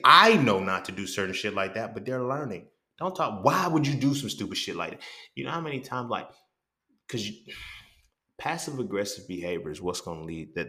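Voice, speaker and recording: Low-voiced man in an echoey room, swearing a lot. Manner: animated, profane, repeats "you feel me". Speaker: podcast host. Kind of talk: casual monologue.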